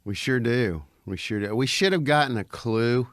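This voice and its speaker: A man co-hosting a podcast, chatting casually with dry, deadpan quips. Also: mid-range voice, normal speed, no echo. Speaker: podcast co-host. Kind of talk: casual chat.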